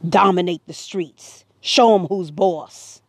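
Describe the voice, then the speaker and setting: A woman's voice: fairly low pitch, slow pace, slightly rough, no echo. A woman speaking to camera, earnest and preachy, her voice rising to emphatic peaks. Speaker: vlogger. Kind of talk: impassioned personal commentary.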